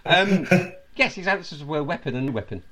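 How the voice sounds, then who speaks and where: A man's voice: on the high side, animated, moderate pace, sharp tone. A man hosting a casual football podcast, reading out news items with chuckles and dry asides. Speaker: podcast host.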